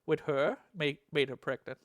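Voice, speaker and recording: A man co-hosting a casual hobby podcast, excitable and jokey, swearing freely. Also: a little high, normal speed, no room sound. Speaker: podcast co-host.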